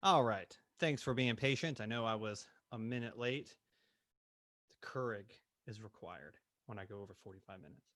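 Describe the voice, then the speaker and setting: A man's voice: on the low side, normal speed, fairly bright tone, no room sound, clean studio sound. A man coaching real estate agents in a live online session, acting out client and agent dialogue with energy.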